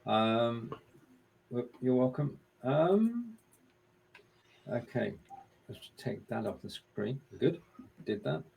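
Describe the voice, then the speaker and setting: Guy running a quiz on a live stream, husky voice, sorts out the screen share as he talks. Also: medium pitch, very animated, takes it slowly, pauses often, a little mellow. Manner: fiddles with screen sharing while talking. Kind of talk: casual live-stream chat.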